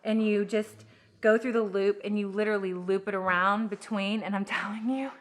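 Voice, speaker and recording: A pregnant woman vlogging to camera in a chatty, fast, filler-heavy way, a little out of breath. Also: mid-range voice, steady tone, slight background noise. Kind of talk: casual chat to camera.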